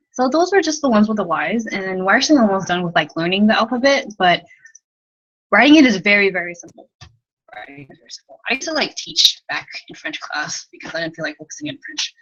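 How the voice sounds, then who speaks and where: A woman's voice: mid-range voice, fairly bright tone, highs cut off. A young woman teaching a casual livestream lesson from her bedroom at night, rambling, giggly and self-deprecating, with lots of "like.". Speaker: language tutor.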